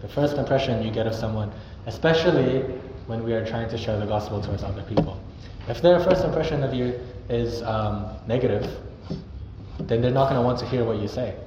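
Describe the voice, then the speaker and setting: A young man with a medium-pitched voice speaks fairly quickly, preaching an earnest, conversational sermon in a church hall and sometimes acting out example greetings. The recording is echoey, dull, and noisy.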